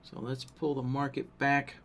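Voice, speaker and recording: A man presenting a live software workshop, walking through settings on screen while thinking aloud and checking in with listeners. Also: mid-range voice, monotone, measured pace. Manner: thinks aloud, frequent "right?" check-ins.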